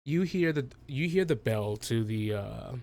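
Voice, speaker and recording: Slow, halting game master man. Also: medium pitch, lively intonation, gravelly, a little mellow. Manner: halting, many fillers and restarts. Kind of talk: narrating a tabletop game.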